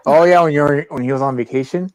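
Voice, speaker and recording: A man's voice: fairly high pitch, fast talker, darkish tone, clear, resonant tone, dry recording. A man making dry, offhand suggestions in a casual podcast chat over a video call. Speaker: podcast co-host.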